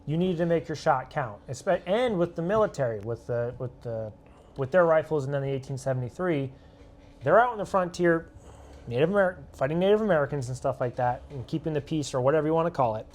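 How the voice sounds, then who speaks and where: A man's voice: a little high, lively intonation, fairly quick. A young man co-hosting a casual chat outdoors in the snow, rambling and restarting his sentences, laughing now and then. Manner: rambling, self-interrupting, laughing. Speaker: co-host. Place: outdoors in snow at a shooting range.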